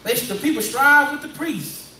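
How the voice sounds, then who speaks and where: A man's voice: very high-pitched, normal speed, bright, forceful tone, slight background noise. A man preaching in a conversational call-and-response style, prodding a reader through a Bible passage and repeating his points. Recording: echoey room, distant mic, faint ambience.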